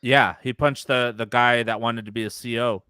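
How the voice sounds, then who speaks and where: A man's voice: medium pitch, steady tone, moderate pace, pushed and bright, clean tone, no room sound, studio quality. A young man on a casual podcast, retelling a story in a loose, profane way and acting out what other people said. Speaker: podcast co-host.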